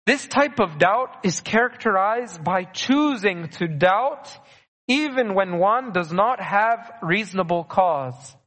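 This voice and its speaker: A man with a notably high voice delivers a sermon, earnest and steady. He leans on repetition to press each point home. His words ring out with a long reverb, as in a large hall. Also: takes it slowly. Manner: earnest, repeats key phrases for emphasis. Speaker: preacher.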